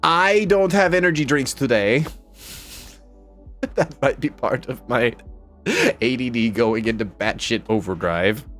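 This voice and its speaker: A man chatting casually on a home live stream, rambling and excitable as he jumps from topic to topic. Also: mid-range voice, a little slow, long pauses, soft background music. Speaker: VTuber streamer.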